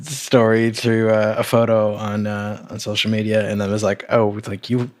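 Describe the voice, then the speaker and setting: A man co-hosting a podcast, chatting in a halting way with many fillers. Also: lowish voice, flat delivery. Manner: laid-back, halting, with fillers. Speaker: podcast co-host. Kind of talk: casual chat.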